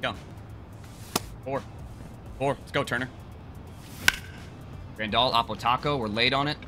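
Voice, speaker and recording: A man giving excited, joking gameplay commentary with crude trash talk and bursts of yelling. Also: mid-range voice, measured pace, long pauses, music in the background. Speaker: gaming video creator.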